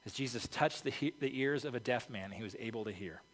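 Fast and mid-range, a pastor's voice carries an informal, conversational sermon laced with "okay" and "like." The recording is in a reverberant hall.

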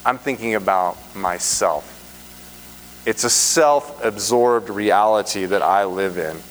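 A man's voice: fairly low pitch, slow pace. A man preaching a sermon in an earnest, emphatic way, repeating phrases for stress. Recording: reverberant hall, faint hum.

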